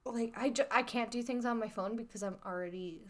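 A woman's voice: a little high, a little fast. A woman co-hosts a podcast from a small home studio. She chats casually, laughs easily and swears without fuss. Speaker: podcast co-host. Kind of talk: casual chat.

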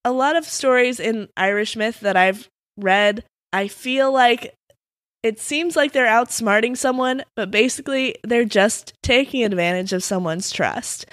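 A woman podcast co-host casually retelling folk stories in a relaxed, sleepy way, with many fillers. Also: a little high, no room sound, studio quality. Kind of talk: casual storytelling chat.

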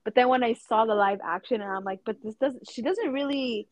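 A woman with a non-native English accent, a guest in a casual podcast chat, soft-spoken and chatty. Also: fairly high pitch, fairly quick, no echo.

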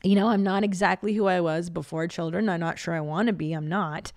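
A woman's voice: lowish voice, fairly even intonation, fairly quick, no room sound, studio quality. A woman in her forties hosting a podcast, talking in a casual, comedic monologue that is profane and chatty, and she laughs often. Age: 40s. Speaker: podcast host.

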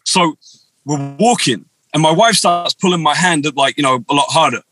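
Guest, male, bright and a touch high, chatty anecdote teller. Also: normal speed, rough recording. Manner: animated, rambling anecdotes with quoted dialogue. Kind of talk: casual storytelling on a video chat.

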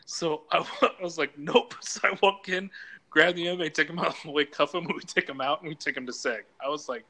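Bright-voiced man telling crude stories. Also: a little high, steady tone, fairly quick. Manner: crude, laughing storyteller, acts out voices. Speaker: podcast co-host, former prison case manager. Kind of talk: casual storytelling chat.

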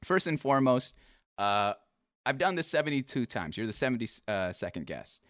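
A man's voice: mid-range voice, very animated, moderate pace, a bit bright, no echo, clean studio sound. A young man hosting a live-streamed interview show, teasing his guest with laughs before turning earnest. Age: young adult. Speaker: podcast host. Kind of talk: casual livestream interview.

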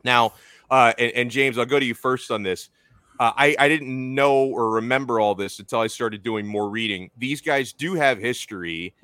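A man's voice: mid-range voice, normal speed, sharp tone, clear, resonant tone, no room sound. A man hosting a sports talk show, chatting loosely with lots of restarts. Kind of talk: casual sports chat.

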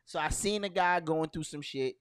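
Animated New man telling stories. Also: a little high, moderate pace, clean tone, dry recording, studio quality. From New York. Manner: animated storytelling with acted-out quotes and slang. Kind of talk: casual chat.

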